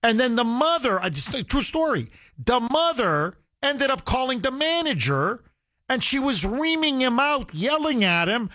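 Male radio host with a high-set voice; combative, emphatic monologue with lots of restarts, taken dry off a studio mic. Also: very animated, a little slow, bright, forceful tone, no room sound. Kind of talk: opinionated talk radio monologue. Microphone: studio microphone.

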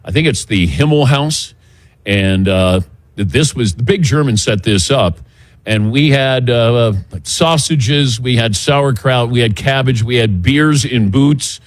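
A middle-aged man hosting a sports radio show outdoors, talking in a relaxed, chatty way and running through the show's rundown. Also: medium pitch, takes it slowly, dry recording. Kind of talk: casual morning show talk. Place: outdoors by a golf driving range.

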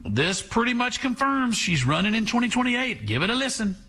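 A man hosting talk radio, giving sarcastic, animated commentary. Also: very high-pitched, brisk, slightly rough.

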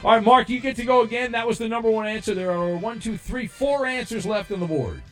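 Soft music plays beneath a man with a very high-pitched voice and quick pace who hosts a call-in radio game show. He rambles and trips over fillers, keeping the talk loose and full of jokes.

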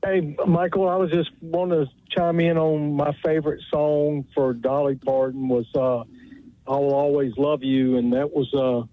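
Flat-voiced Alabama caller on the phone. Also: male voice, on the high side, dry recording. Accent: Southern US, Alabama. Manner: halting, hesitant, lots of "uh". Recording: dry, tinny phone line.

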